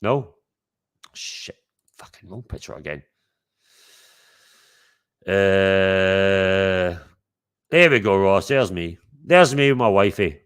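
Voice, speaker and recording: A man's voice: sits low, animated, takes it slowly, long pauses, a bit bright, clean tone. A Scottish man hosting a livestream, boisterous and sweary, calling out to his viewers in casual chat. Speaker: livestream host.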